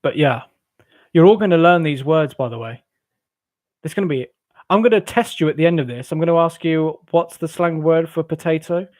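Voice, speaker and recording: A man's voice: on the high side, moderate pace, a little mellow, no echo. A jovial English man hosting a late-night live stream, reading viewers' chat comments and rambling with frequent laughs. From England. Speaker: livestream host. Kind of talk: casual chat with live chat readers.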